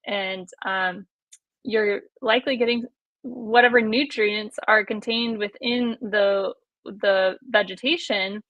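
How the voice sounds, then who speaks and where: A woman's voice: mid-range voice, fairly bright tone, dry recording, highs cut off. A woman guest on a podcast, explaining her ideas thoughtfully in casual chat.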